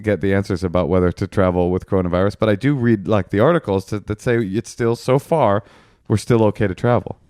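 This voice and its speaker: A man's voice: lowish voice, brisk, darkish tone, dry recording, clean studio sound. A man co-hosting a relationship podcast in casual, teasing, argumentative banter. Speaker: podcast co-host.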